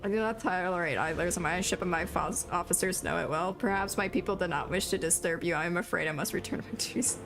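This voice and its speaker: A woman reading out a haughty male ship captain's lines in a quick, stiff, formal way. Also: lowish voice, music in the background, voice pushed down, natural voice. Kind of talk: reading game dialogue aloud.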